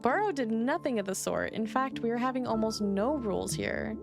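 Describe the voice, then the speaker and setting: A woman reading the lines of a gentle male tea shop keeper who speaks calmly and politely, with slightly odd formal grammar. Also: on the high side, normal speed, creaky, over music.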